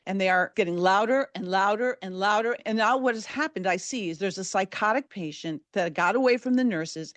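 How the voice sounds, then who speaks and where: A middle-aged woman of middling pitch tells a true story from her own life, recorded close and dry. Her delivery is measured and vivid, building tension as she goes. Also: dry recording. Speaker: podcast host and storyteller. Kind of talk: first-person true storytelling.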